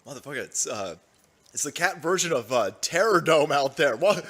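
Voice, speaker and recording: A man's voice: a little high, expressive, moderate pace, fairly bright tone, slightly rough. A man hosting a casual live-stream show from home, rambling loosely with crude jokes and frequent laughter. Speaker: livestream show host.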